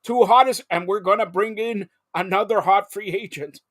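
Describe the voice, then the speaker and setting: A man hosting a live broadcast, talking in an excitable, rambling way that jumps between topics. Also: high voice, normal speed, dry recording. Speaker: host. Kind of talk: live call-in broadcast chat.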